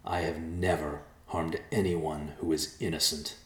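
A cold male zealot, slow and hushed, with a very deep, low voice, as a narrator puts him on. His quiet menace rings in an echoey room. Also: flat delivery, heavily acted.

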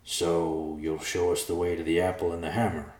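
A man's voice: sits low, little pitch movement, normal speed, a little mellow, lightly acted. A man voicing a blunt, grumpy male bear who complains and mutters. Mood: grumbling. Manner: gruff, complaining. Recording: roomy echo.

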